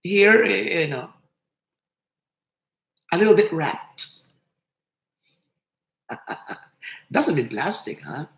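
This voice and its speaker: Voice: mid-range voice, very animated, drawn-out words, vocal fry, pauses often, fairly bright tone. Chatty Filipino host in a roomy space. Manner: chatty, laughs often, switches between English and Tagalog. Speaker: livestream host. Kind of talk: casual live chat. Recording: roomy echo.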